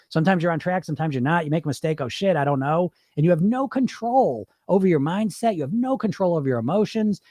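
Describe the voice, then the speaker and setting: Animated, profane male podcast host. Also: high voice, no room sound, studio quality. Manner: animated, profane, acts out inner voices. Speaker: podcast host and weight loss hypnotist. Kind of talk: casual motivational talk.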